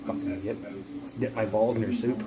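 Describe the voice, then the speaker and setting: A man's voice: fairly low pitch, steady tone, fairly quick, very noisy. A man livestreaming from his phone, ranting in a rambling, profane, casual way. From Canada.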